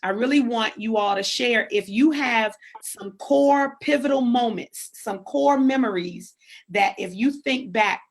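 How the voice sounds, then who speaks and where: A woman's voice: on the high side, unhurried. A woman hosting a live stream, prompting her audience and affirming her guest as she listens. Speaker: host.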